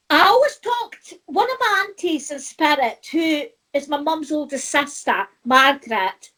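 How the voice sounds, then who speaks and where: A woman's voice: high-pitched, bright, forceful tone. A middle-aged Scottish woman, a spiritual medium, telling her own story in a heartfelt, rambling way with many restarts. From Scotland. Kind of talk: personal storytelling.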